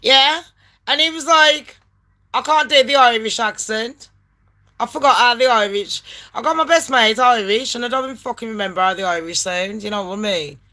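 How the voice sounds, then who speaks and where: A woman in her late thirties from England, telling a story in a brash, sweary and animated way and acting out phone calls in voices. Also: a little high, moderate pace. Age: late 30s. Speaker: vlogger. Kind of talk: casual storytelling rant.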